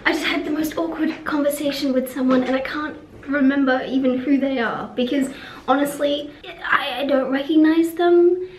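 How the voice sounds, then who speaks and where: A woman's voice: sits high, fairly even intonation, moderate pace, slight background noise. Rambling young woman, echoey room. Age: young adult. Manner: rambling, frank, swears, trails off. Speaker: vlogger. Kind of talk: casual vlog monologue. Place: room at a conference venue.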